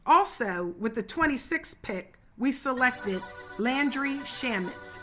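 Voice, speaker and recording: A woman's voice: high voice, animated, slow pace, fairly bright tone, soft background music. A woman hosting her own podcast, narrating a scripted story in a chatty way and calling her listeners "y'all". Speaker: podcast host.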